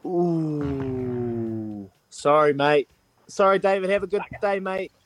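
A man's voice: high-pitched, moderate pace, clean tone. A man hosting a breakfast radio quiz, cheery and matey as he counts down the answers.

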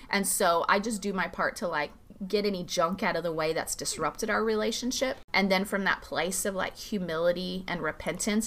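Animated woman pastor, casual teaching. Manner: animated, acts out quoted dialogue with big pitch jumps; casual, many "like" fillers. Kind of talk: conversational faith teaching.

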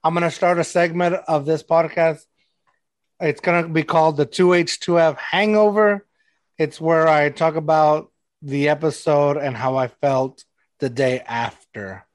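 A man with a fairly high, steady voice speaks at a measured pace, with no echo in the recording. He's a podcast host in casual chat, telling rambling stories packed with "like."

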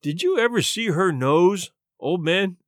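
A man's voice: high-pitched, sing-song, moderate pace, fairly bright tone, no room sound. A man voicing a wry, solemn young man in a story reading. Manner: dry, solemn.

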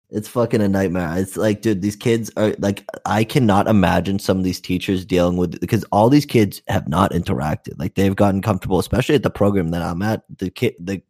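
A man's voice: low voice, a little mellow, husky. A young man, a youth program counselor, telling profane stories in a rambling casual chat full of "like" and "dude".

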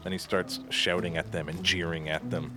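A man playing a tabletop role-playing game, narrating his character's actions and jumping into loud mocking voices, with music behind. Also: low voice, little pitch movement, moderate pace.

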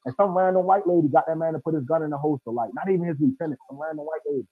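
A man's voice: on the high side, very fast, breathy edge. A man telling a story in emphatic street slang, heard as a guest over a phone line. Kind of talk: casual storytelling.

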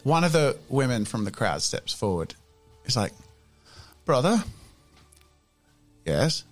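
A man narrating a tabletop game as game master, acting out characters with sudden shouts. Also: medium pitch, sing-song, normal speed, soft background music.

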